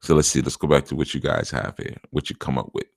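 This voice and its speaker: A man's voice: very deep voice, fast, gravelly, dry recording, studio quality. A middle-aged man, a spiritual teacher, chatting casually on a live stream, reading out viewer comments, laughing often and calling listeners "man".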